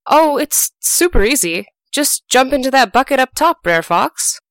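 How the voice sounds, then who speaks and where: A woman's voice: high voice, lively intonation, unhurried, clean tone, dry recording, pitched above the performer's own voice. A woman voicing a sly, cheerful male rabbit trickster in a storybook podcast, with an eager, bouncy sing-song delivery. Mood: coaxing.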